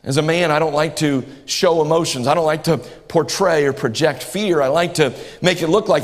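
A man's voice: on the high side, normal speed, hardly any pauses. A man, preaching a sermon as pastor, earnest and repetitive, rising to impassioned bursts. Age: 40s. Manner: earnest, repeats phrases, rises to impassioned bursts. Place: church sanctuary. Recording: reverberant church hall.

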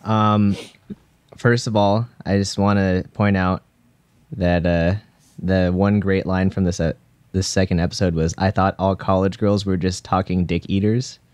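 A man's voice: low voice, flat delivery, a little slow, a little mellow, smooth, no echo. A young man co-hosting a casual podcast, hesitant and laughing at his own jokes. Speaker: podcast co-host. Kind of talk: casual chat.

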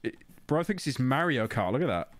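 A man's voice: mid-range voice, big pitch swings, a little fast, dry recording. A young British man streaming a game, talking casually to his chat with sarcasm and frequent swearing. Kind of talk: casual gaming commentary.

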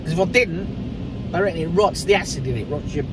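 An English vlogger chats jokily to viewers from inside his car as it goes through an automated car wash, calling them "people" and "mate." His voice is on the high side and brisk. The noisy car wash can be heard in the background.

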